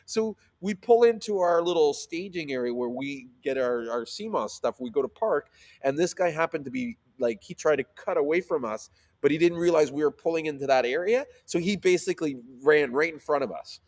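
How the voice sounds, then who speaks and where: A man telling a story in casual chat, animated, swearing freely and using lots of fillers. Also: on the high side, brisk, hardly any pauses. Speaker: sea moss seller.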